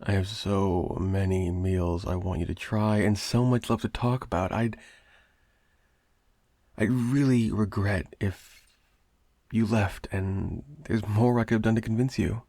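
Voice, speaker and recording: A man's voice: lowish voice, fairly even intonation, a little slow, mellow, no room sound. A young man voicing a clingy, obsessive male roommate in an improvised audio roleplay, rambling and stammering with nervous laughs. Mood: fond, coaxing.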